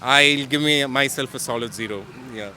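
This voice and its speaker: Soft-spoken Indian man, bright voice. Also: mid-range voice, normal speed, slight background noise. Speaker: interviewee. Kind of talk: casual street chat. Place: city street outdoors.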